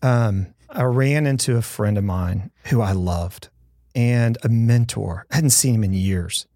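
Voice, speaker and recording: Earnest gravelly pastor telling stories. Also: male voice, mid-range voice, a little slow, mellow, dry recording, studio quality. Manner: earnest storytelling, heartfelt and emphatic. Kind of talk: conversational podcast talk.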